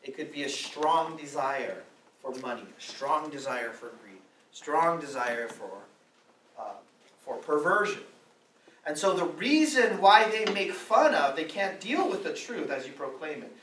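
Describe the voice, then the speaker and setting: A man's voice: a little high, sing-song, a little slow, a bit bright, slight background noise. A man preaching a sermon, pressing his point with repeated rhetorical questions. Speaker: pastor. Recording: roomy echo, mic at a distance, faint ambience.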